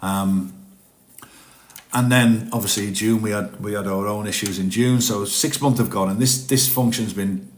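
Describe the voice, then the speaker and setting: A man's voice: on the low side, fairly even intonation, normal speed, echoey room. A man chatting casually on a live stream from his home, rambling and self-deprecating.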